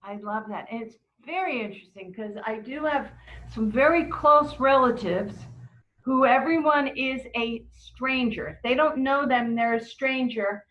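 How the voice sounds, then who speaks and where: A middle-aged woman leading a book club, telling stories in a relaxed way and acting out the quotes. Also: on the high side, dull audio. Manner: warm anecdotal storytelling with acted quotes. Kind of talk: casual book club talk.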